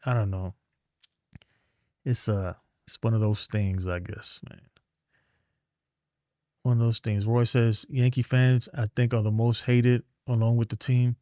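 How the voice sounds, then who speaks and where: Dark in tone and mid-range, this middle-aged man's voice shows little pitch movement; he talks a little slowly with long pauses, captured at studio quality without echo. A New York sports streamer, he rambles and rants bluntly on a casual livestream, drifting into mumbles.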